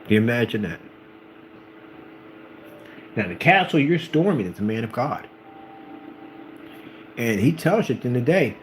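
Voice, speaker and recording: A man's voice: medium pitch, very animated, normal speed, long pauses, slight background noise, low-quality recording. Preachy man telling Bible stories. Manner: preachy, emphatic, acts out the characters in the stories. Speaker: channel host. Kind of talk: informal religious talk.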